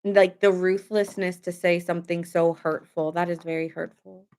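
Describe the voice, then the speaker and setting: A woman's voice: on the low side, flat delivery, normal speed, a little mellow, a little hiss or hum. A young adult woman giving a casual tarot reading to camera, talking emphatically with lots of filler words and open indignation. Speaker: tarot reader.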